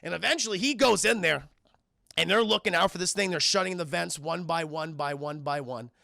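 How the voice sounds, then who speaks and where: A man streams a casual film breakdown, talking straight to his chat in an excitable, profane rush. His voice sits high and heavy with fry, with a bright, forceful edge. The sound is close and dry. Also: a little fast, no echo. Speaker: film reviewer streaming live. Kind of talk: casual spoiler retelling to a live chat.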